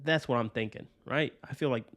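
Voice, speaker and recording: A man from Georgia talks on his own podcast in a loose, rambling flow. He swears constantly and checks in with "right?" every few lines. His voice sits at an ordinary middle pitch and sounds close and dry, with no room sound around it. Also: a little fast, fairly bright tone, dry recording. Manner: rambling, profane, keeps tagging lines with "right?". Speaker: podcast host. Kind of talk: casual personal monologue.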